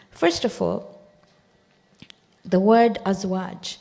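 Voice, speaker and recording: An older woman teaching a scripture class in a chatty, digressive way, quickly reciting verses between explanations. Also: medium pitch, vocal fry, dark tone. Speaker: Quran teacher.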